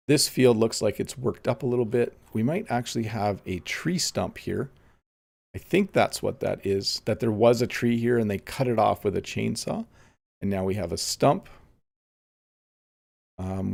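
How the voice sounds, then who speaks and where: A man hosting a relaxed live-streamed English lesson while playing a game, explaining words plainly and reading viewer comments aloud. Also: on the low side, creaky. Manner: frequent "um" and "let's see" as he looks around. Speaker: English teacher and host.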